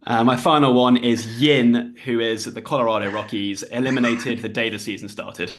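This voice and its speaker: Man, podcast co-host, casual chat, dry delivery, mid pitch. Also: fairly even intonation, moderate pace, slight background noise. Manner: reads out a prepared list with dry asides.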